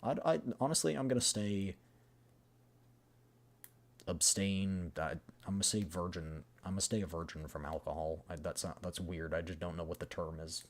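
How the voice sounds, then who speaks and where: Casual male streamer, sarcastic asides, slightly husky, low-pitched. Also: normal speed. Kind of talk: casual live-stream commentary.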